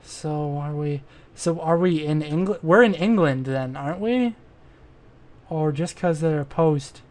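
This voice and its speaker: A man's voice: fairly high pitch, measured pace, a little mellow. A man giving casual let's-play commentary, rambling and self-deprecating and trailing off mid-thought. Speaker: gamer.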